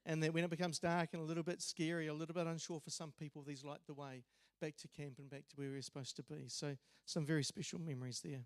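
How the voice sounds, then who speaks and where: A man delivers a memorial eulogy in a church, telling stories conversationally with small hesitations. His voice sits high for a man. The recording is dry and close, with little room sound. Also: flat delivery, fast talker, hardly any pauses, no room sound. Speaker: eulogy speaker.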